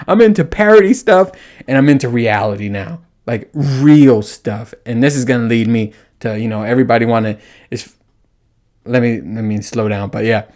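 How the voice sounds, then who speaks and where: A man's voice: mid-range voice, a little mellow. A young man hosting a podcast in a casual monologue, crude and joking, laughing often. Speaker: podcast host.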